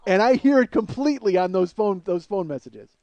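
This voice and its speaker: A man hosting a comedy podcast, riffing through a profane, animated monologue. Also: high voice, fairly quick, no echo, dull audio.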